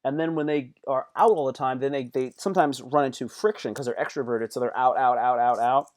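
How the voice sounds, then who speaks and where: A man's voice: medium pitch, fairly quick, a little mellow. A man hosting a live stream, giving casual motivational talk in slangy speech that repeats phrases and acts out angry outbursts.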